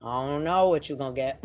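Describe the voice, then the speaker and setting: A woman talking casually and rambling in a slangy, animated way as she channels spiritual messages. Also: sits low, a little hiss or hum.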